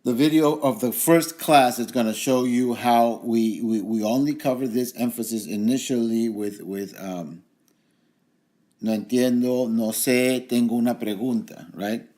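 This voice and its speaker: A man explaining language points as a trainer, relaxed, slowly repeating example phrases with fillers. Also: mid-range voice. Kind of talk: instructional explanation.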